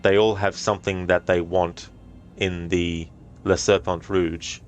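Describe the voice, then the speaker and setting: A man casually commenting on a game he is streaming, relaxed and answering chat with many ums. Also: sits low, a little slow, faint music behind. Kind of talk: casual let's-play commentary.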